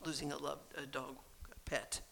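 A speaker giving a gentle, earnest and reflective personal talk. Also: medium pitch, level tone, moderate pace, vocal fry, slight background noise.

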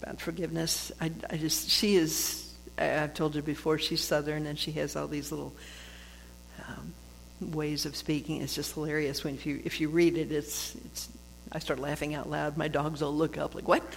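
A woman with a low, gravelly, fairly flat voice shares lessons on forgiveness from a book at normal speed. Her reflective spiritual talk is conversational, full of laughter and restarts. It's recorded in a hall with long reverb and faint noise.

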